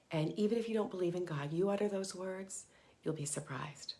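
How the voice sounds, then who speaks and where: A woman's voice: lowish voice, moderate pace, a little mellow. A middle-aged woman hosting a live motivational talk for moms, earnest and emphatic, sometimes dropping to a whisper for short mantras. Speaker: parenting coach and host.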